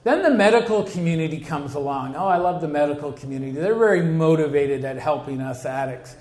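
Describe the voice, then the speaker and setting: A man's voice: on the high side, lively intonation, a little fast, a little mellow. A man giving a humorous recovery talk to a convention, acting out the people in his stories. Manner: storytelling, acts out quoted people. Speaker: recovery speaker. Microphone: handheld mic. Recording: echoey hall.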